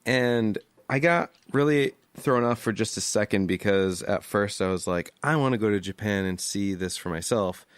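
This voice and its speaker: A man's voice: fairly low pitch, moderate pace, few pauses, clean tone, no echo. A man co-hosting a podcast in casual chat, easygoing and asking a lot of questions. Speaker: podcast co-host.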